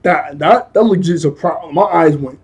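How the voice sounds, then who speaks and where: A man's voice: fairly high pitch, moderate pace. A young man casually recapping a cartoon episode in a rambling, slangy way, often laughing and correcting himself. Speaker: episode reviewer.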